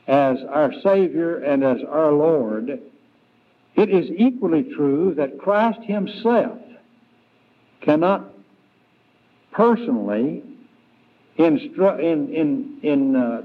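A man preaching an evening Bible lesson, slow and deliberate, with frequent fillers and restarts. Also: a little high. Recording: tinny, phone-like 1990s church tape.

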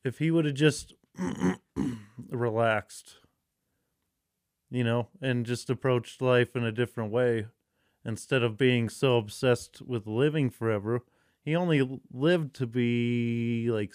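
A man co-hosting a podcast, chatting casually in a rambling, profane, excitable way. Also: medium pitch, measured pace, smooth, no room sound, studio quality. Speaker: podcast co-host. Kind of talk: casual chat.

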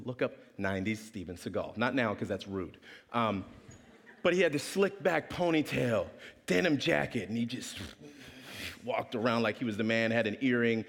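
A man's voice: lowish voice, long reverb tail. A man preaching a storytelling sermon, acting out the voices of the people in his story. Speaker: pastor.

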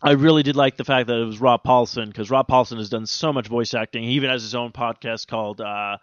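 A man's voice: mid-range voice, steady tone, fast talker, no echo, muffled recording. A man co-hosting a casual gaming podcast, rambling with lots of fillers and restarts. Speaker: podcast co-host.

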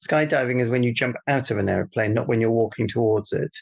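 A man's voice: medium pitch, quick pace, creaky, breathy edge, dull audio. A man co-hosting a comedy podcast, bantering in a dry, teasing way. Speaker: podcast co-host.

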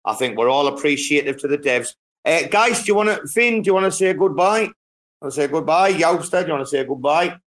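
A man's voice: a little high, expressive, fairly quick, fairly bright tone. A man hosting a casual online audio chat, swearing freely and joking with his guests. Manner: profane, joking banter. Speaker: host.

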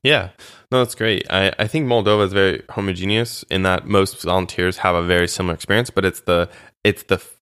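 A man's voice: low-pitched, brisk, clean tone, no room sound, studio quality. A man being interviewed about his time as a volunteer, telling chatty stories with many fillers and restarts. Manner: chatty, animated storytelling with frequent fillers and restarts. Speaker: interview guest, former volunteer. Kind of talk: casual conversational interview.

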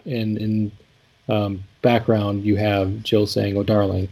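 A man's voice: fairly low pitch, little pitch movement, slow pace, vocal fry, warm tone. A man co-hosting a casual chat, thoughtfully walking through song lyrics with many fillers and restarts. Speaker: podcast co-host discussing song lyrics.

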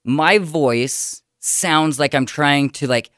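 A man hosting a comedy podcast in casual chat, excitable and quick to laugh. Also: a little high, dry recording, studio quality.

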